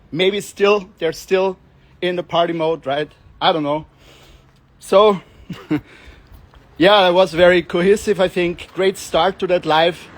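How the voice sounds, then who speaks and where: A man streaming live outdoors on a street, talking in a rambling, joking, self-mocking way. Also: a little high.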